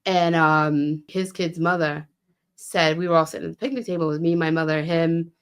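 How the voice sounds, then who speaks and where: Podcast guest: lower-voiced woman, casual storyteller who swears and voices the people she quotes. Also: fairly even intonation, normal speed, clear, resonant tone. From Fall River, Massachusetts. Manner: chatty, swears freely, acts out quoted dialogue; frequent "um" and "you know what I mean".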